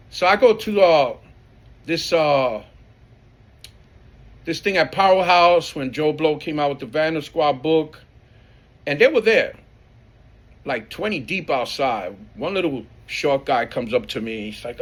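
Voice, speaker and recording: A man's voice: fairly high pitch, expressive, moderate pace. A middle-aged man tells his side of a feud in a heated, streetwise way, swearing often and quoting himself. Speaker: graffiti writer telling his side. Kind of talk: casual storytelling, profane.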